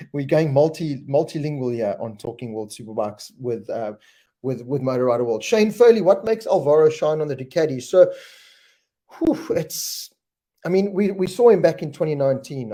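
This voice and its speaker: A man's voice: mid-range voice, mellow. A man hosting a live-streamed motorsport show, chatting casually, reading out viewer comments and answering questions. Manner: chatty, reads viewer names and questions aloud. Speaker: host.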